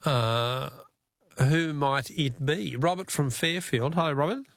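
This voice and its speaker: Gravelly Australian radio quiz host. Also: male voice, on the high side, fairly bright tone, no room sound, studio quality. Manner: chatty, jokey, quick with callers.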